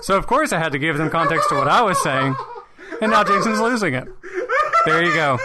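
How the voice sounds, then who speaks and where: A man's voice: on the high side, expressive, brisk. A man in casual outtake chat, explaining what happened while laughing. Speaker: cast member. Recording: loud background noise.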